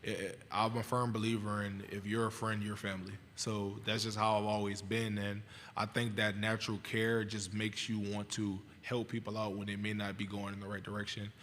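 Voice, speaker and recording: A young man from Louisiana answers press conference questions in a low, flat, calm voice, pausing with fillers and restarts. The sound carries the long reverb of a large hall with faint background noise. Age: 20s. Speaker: college football player at press conference.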